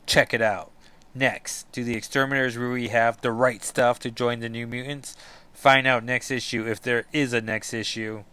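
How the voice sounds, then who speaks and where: A man's voice: fairly low pitch, pushed and bright. A man hosting a casual comic book read-along, with joking asides. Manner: chatty, joking asides with laughs. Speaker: comic book reader and podcast host.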